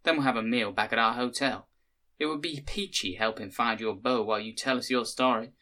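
A man's voice: medium pitch, fairly quick, sharp tone, lightly acted. A man voicing a talkative grey-haired woman tourist from the American South, folksy and gushing, with a Southern US accent.

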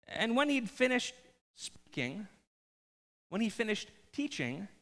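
Animated pastor with a lively voice. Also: male voice, sits high, takes it slowly, big-room sound. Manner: animated, conversational storytelling with jokes. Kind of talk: sermon.

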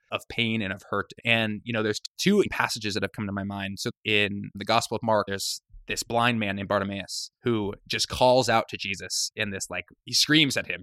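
A man's voice: on the low side, pushed and bright, no echo, studio quality. A man hosting a podcast, talking in an earnest, searching way with many hedges. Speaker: podcast host. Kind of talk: reflective podcast talk.

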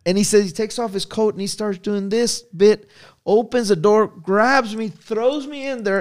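A man, a missionary pastor, excitedly telling a personal story in quick bursts. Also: high-pitched, no room sound, clean studio sound.

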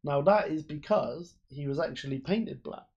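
A man's voice: on the high side, normal speed, darkish tone, husky, dull audio. A man, co-hosting a podcast and explaining things at length in casual chat, with lots of fillers. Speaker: podcast co-host.

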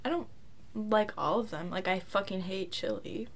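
A woman's voice: medium pitch, moderate pace, vocal fry. A woman guest on a podcast, chatting casually in a laid-back, offhand way. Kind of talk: casual chat.

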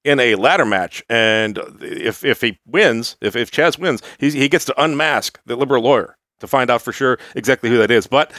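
Casting note: easygoing male host, mid pitch, dry close sound. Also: moderate pace, hardly any pauses, fairly bright tone, no room sound. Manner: laid-back, laughs often, loose fillers. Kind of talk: comedic commentary.

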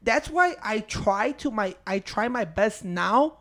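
A man's voice: sits high, animated, takes it slowly, a bit bright. A young man from Chicago in casual chat, loose and profane, calling his friend "dude" and "bro". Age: young adult.

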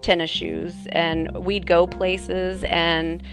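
A woman telling a personal story in an earnest, halting way, as an interviewee. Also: on the low side, flat delivery, creaky, over music. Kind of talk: personal recollection.

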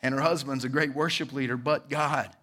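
A man, giving a casual, lively testimony to a church congregation and calling out to the crowd. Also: medium pitch, brisk. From Georgia, US. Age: 40s.

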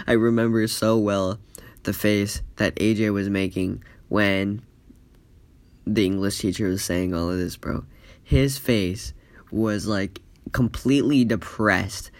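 A man's voice: fairly low pitch, fairly even intonation, slow pace, dry recording. Rambling profane storytime guy. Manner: profane, rambling, full of "like" fillers. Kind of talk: casual storytime.

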